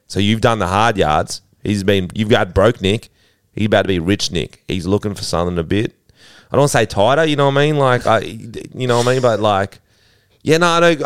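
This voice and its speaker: A man's voice: on the low side, smooth, no room sound, studio quality, lightly acted. Man doing a rambling crude English bloke. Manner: rambling, swearing, fumbling for words. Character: crude rambling English man, a brother giving bad news. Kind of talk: improvised comic voicemail bit.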